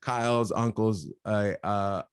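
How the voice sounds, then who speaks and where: A man's voice: on the low side, slow pace, clean tone, dry recording, clean studio sound. A man from Canada, a comedian guest telling rambling stories and laughing often in a casual podcast chat.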